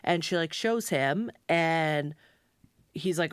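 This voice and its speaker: A woman co-hosting a podcast in casual book chat, telling the plot with lively storytelling, frequent laughs and free swearing. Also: deep voice, takes it slowly, smooth, dry recording, studio quality. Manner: animated storytelling, swears freely, laughs often. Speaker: podcast co-host.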